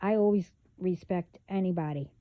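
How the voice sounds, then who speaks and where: A woman talking bluntly in a casual spiritual vlog, halting, with many fillers and restarts. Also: lowish voice, dry recording. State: hiccups. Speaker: vlogger. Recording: phone-like band-limited audio.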